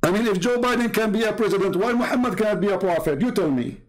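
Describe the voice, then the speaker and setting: A man with a slightly high voice streams a combative monologue, mocking and repetitive. He talks over himself, restarts sentences, and chuckles at his own jabs. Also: fast. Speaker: online religious debater.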